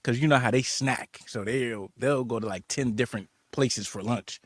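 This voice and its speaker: An American man sits at a close mic in a dry, dead room, with a voice of middle pitch. He tells a story with gusto and slips into other people's voices as he quotes them. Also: a little fast, few pauses, dry recording. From United States. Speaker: podcast guest. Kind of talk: casual podcast chat.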